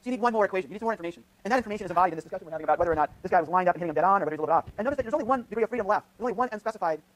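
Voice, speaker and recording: A man's voice: high voice, animated, racing, hardly any pauses. A man lecturing on physics in a lecture hall, thinking aloud with frequent restarts and "right?" checks as he runs a live demonstration. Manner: thinks aloud, many restarts and tag questions. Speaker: physics professor.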